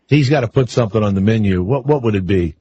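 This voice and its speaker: A man's voice: lowish voice, fast talker, dark tone, breathy edge, no echo. An older man hosting a talk radio show, rambling and wisecracking in loose asides with callers and co-hosts. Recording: muffled lo-fi radio broadcast.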